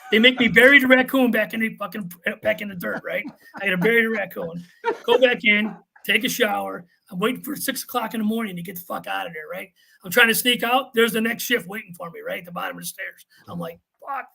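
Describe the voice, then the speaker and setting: A man in his fifties, a retired firefighter, tells a story on a podcast. His voice is raspy and gravelly, with a sharp, bright tone. He swears constantly and jumps into the voices of the people in his story. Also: sits high, quick pace. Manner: profane, animated storyteller who acts out others' lines.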